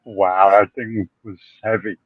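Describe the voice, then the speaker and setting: A man's voice: lowish voice, little pitch movement, slow, slightly rough, no echo, phone-quality sound. A man co-hosting a livestream podcast in casual chat, swearing freely and repeating phrases for emphasis. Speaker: livestream co-host.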